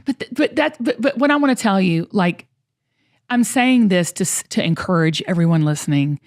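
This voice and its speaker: A woman's voice: medium pitch, animated, normal speed, a little mellow. Earnest woman host. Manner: earnest, encouraging. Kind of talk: podcast conversation.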